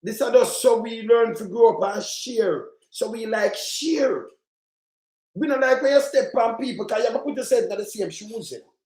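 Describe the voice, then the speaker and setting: A man's voice: very high voice, lively intonation, normal speed, a little mellow. A man with a Jamaican accent hosting his own channel, ranting angrily about politics in a rambling, patois-laced way and swearing often. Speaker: channel host. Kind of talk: heated political rant. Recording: roomy echoey sound.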